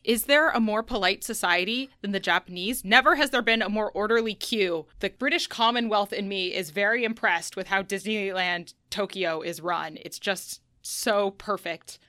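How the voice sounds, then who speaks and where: Young woman gushing thru a story, lots of "like"s, bright tense voice, dry close sound. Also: mid-range voice, dry recording. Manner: enthusiastic, detail-loving storyteller with many "like" fillers. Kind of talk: casual chat.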